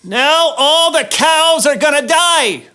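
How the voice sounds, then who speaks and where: Man putting on moses voice, very high, sharp, slow dramatic warnings, kids' skit. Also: lively intonation, slight background noise, heavily acted. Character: bold male prophet Moses warning a king.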